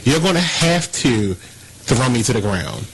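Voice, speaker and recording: A man hosting a casual radio talk show, ranting and gossiping in an animated, indignant way. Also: mid-range voice, a little slow, background noise.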